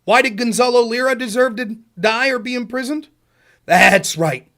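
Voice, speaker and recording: Heated high-voiced man ranting. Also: moderate pace, sharp tone. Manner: heated, sarcastic, asks the audience questions. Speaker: political streamer. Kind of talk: casual ranting commentary.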